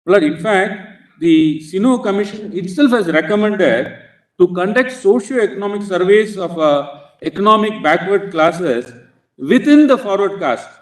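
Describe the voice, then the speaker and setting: A man with an Indian accent, arguing as an advocate before a court in a formal, halting manner, constantly addressing the bench. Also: sits high, expressive. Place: large courtroom. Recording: roomy courtroom audio from a distance.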